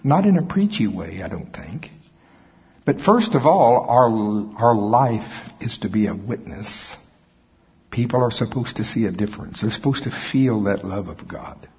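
Brief: male pastor, husky, folksy and self-mocking; sermon from a reverberant hall, lo-fi. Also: lowish voice, lively intonation, unhurried. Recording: echoey hall, dull lo-fi sound.

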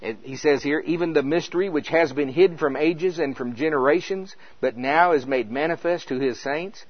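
A man's voice: on the high side, moderate pace, dull audio. A man preaching a sermon, reading scripture aloud and stopping to explain it, with frequent interjections of "Hallelujah.". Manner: expository, breaks off mid-sentence to explain the verses.

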